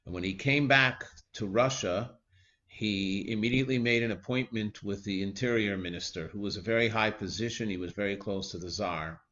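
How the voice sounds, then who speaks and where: A man's voice: fairly low pitch, pushed and bright. Earnest man telling a teaching story, lo-fi. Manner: measured, earnest retelling with frequent pauses and "uh" fillers.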